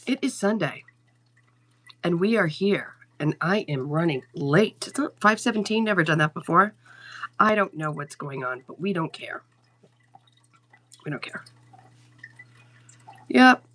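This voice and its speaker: Chatty woman with a lower voice, swearing freely. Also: fairly bright tone. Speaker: psychic medium livestream host. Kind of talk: casual livestream chat and storytelling.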